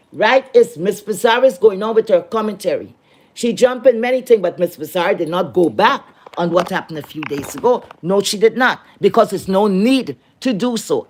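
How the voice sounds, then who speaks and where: A woman's voice: medium pitch, darkish tone, a little hiss or hum. A woman on a live stream, ranting indignantly, swearing often and restarting her sentences. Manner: indignant, profane, repeats and restarts. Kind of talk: heated live-stream rant.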